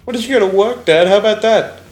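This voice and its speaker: A man's voice: high-pitched, fast, a little mellow, pitched above the performer's own voice, natural voice. A man voicing a whiny, complaining son. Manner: whining, complaining. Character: whiny starving adult son, male. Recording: roomy with faint music.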